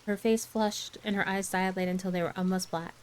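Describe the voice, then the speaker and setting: Soft-spoken woman reading a bedtime story. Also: mid-range voice, steady tone, fairly quick, rough recording. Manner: gentle, soft-spoken narration.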